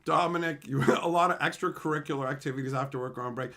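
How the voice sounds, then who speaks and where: A man's voice: medium pitch, fast, fairly bright tone. A man streaming and chatting with his viewers, telling blunt, profane stories and laughing as he acts out the people in them. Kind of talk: casual live-stream chat, storytelling.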